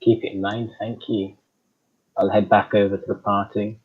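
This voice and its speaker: A man's voice: on the low side, little pitch movement, normal speed, breathy edge, phone-quality sound. A man playing a tabletop game, talking casually and hesitantly with lots of ums. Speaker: player.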